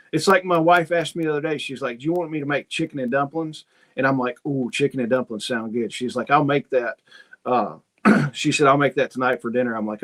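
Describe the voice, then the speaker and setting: A man hosting a casual livestream, reading viewer comments and telling rambling stories in which he acts out both sides of a conversation. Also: mid-range voice. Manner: folksy, rambling storyteller who acts out dialogue. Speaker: host.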